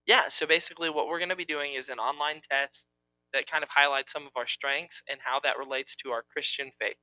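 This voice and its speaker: A man chats casually as a podcast co-host, teasing his partner in a playful way. His voice is bright. The sound is dry and close, with no room echo. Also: on the high side, fairly even intonation, brisk. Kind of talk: casual chat.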